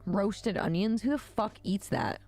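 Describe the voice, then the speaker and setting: A woman hosting a casual livestream, talking bluntly with lots of swearing and quick reactions. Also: mid-range voice, darkish tone, faint music behind. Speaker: livestream host.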